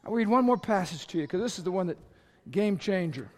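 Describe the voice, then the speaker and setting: A male pastor delivers a lively sermon and calls out to the people in front of him. His voice sits very high for a man. It rings through a large hall with a long reverb tail. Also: a little fast. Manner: lively, storytelling, addressing the congregation directly.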